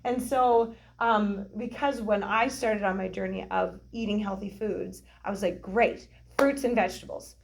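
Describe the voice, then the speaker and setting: A woman's voice: medium pitch, a little slow, gravelly, few pauses. Chatty woman telling a story. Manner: chatty, animated, acts out quoted voices, laughs often. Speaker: co-host of a nutrition workshop. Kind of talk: casual storytelling talk.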